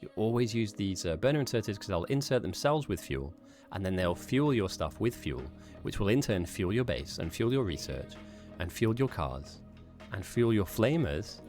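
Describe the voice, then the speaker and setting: A man with a lowish voice calls a live game stream in a chatty, rambling way. He jokes at his own expense and drifts into asides to his chat. Soft music plays faintly underneath. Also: big pitch swings, normal speed. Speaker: tournament commentator and streamer. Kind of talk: live esports commentary.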